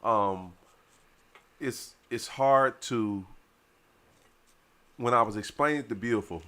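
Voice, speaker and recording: A man's voice: medium pitch, takes it slowly, sharp tone. A man from Detroit, father of a teenager, co-hosting a podcast in rambling casual talk full of restarts. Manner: rambling, restarts, nudging questions. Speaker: podcast co-host. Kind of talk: casual chat.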